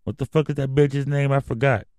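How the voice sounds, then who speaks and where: A man's voice: mid-range voice, fairly even intonation, fairly quick, a little mellow, dry recording. Profane rambling man reading the news. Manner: profane, rambling, reads headlines then rants. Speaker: podcast host. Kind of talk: casual news commentary podcast.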